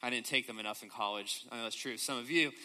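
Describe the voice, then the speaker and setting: A man's voice: mid-range voice, fast talker, sharp tone. A young man preaching a sermon, telling a story and asking the crowd rhetorical questions.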